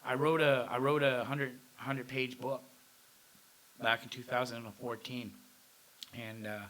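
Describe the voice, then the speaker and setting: Bright-voiced chatty man, podcast guest. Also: mid-range voice, little pitch movement, a little slow. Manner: chatty, lots of fillers and restarts. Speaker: podcast guest, metal radio host. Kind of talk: casual chat.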